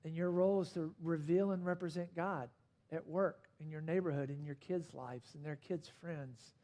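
A man's voice: a little high, steady tone, normal speed, mellow. A man preaching a sermon as pastor, speaking emphatically with swells and drops in intensity. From not from Australia.

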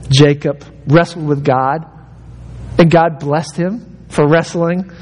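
A man's voice: steady tone, slow pace, darkish tone. A pastor preaching an emphatic sermon, urging his listeners and acting out the prayers he quotes. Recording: hall reverb with faint rumble.

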